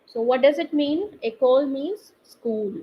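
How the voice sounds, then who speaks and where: A woman teaching a live online French class, explaining accents slowly and quizzing her students through the chat. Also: sits high, lively intonation. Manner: slow, patient, quizzes students via chat. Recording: slightly dull online class audio with faint noise.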